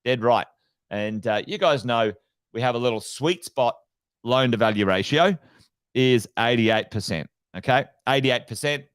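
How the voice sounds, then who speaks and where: Man, middle-aged, property investment host, energetic, repeats phrases, asks rhetorical questions, dry close sound. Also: mid-range voice, measured pace, clean tone, no room sound. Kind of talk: live-stream coffee chat.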